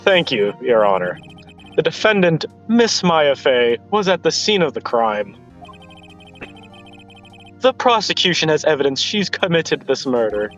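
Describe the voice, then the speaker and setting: Brief: arrogant game prosecutor, voiced by a man, measured and swooping in pitch, dull lo-fi mic. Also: sing-song, fairly bright tone, soft background music. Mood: smug. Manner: measured, confident pronouncements. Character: cool, arrogant male prosecutor. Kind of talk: fan voice dub of a game. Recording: dull lo-fi sound.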